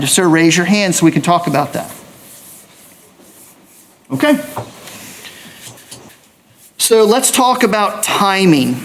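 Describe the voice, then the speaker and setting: Measured judge addressing jurors. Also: male voice, on the high side. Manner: measured, explanatory. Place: courtroom.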